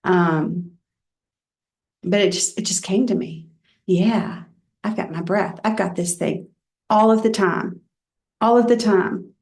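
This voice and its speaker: A woman minister gives a Dharma talk in a candid, reflective storytelling way. Her voice sits in an ordinary middle pitch. She often drops soft and quiet. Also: slow pace, long pauses. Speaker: reverend giving a Dharma talk.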